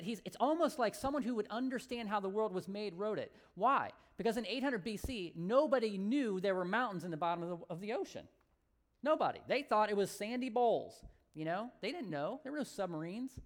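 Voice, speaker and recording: Lady pastor telling a sermon story, chatty and animated, voice swoops up and down. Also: medium pitch, normal speed.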